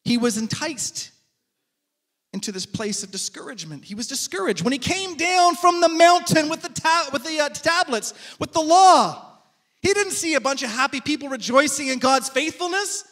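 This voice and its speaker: A male preacher giving a sermon, telling stories in an animated way and asking rhetorical questions. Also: very high voice, moderate pace, big-room sound.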